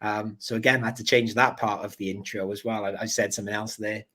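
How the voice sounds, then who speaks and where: Podcast host, male, lower register, rambling and apologetic, casual delivery. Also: flat delivery, fast, a bit bright, poor audio.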